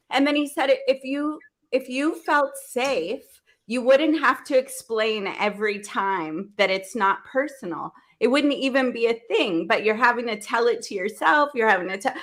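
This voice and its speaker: A woman's voice: high voice, moderate pace. A woman hosting a business panel, telling a personal story animatedly and acting out the dialogue. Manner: animated, acts out dialogue, laughs often. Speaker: event host.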